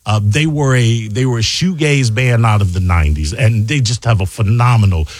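A man's voice: medium pitch, normal speed, no room sound. A man hosting a radio interview, talking in an enthusiastic and rambling way with plenty of emphasis. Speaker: radio show host.

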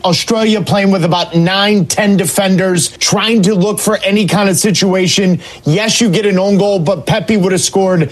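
A man's voice: sits high, breathy edge. A man giving studio soccer analysis in an emphatic, opinionated way.

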